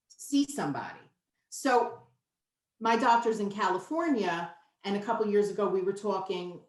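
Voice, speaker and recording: A woman in her fifties, a nutritionist guest, talking candidly and emphatically in a casual interview. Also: medium pitch. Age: 50s. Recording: roomy echo.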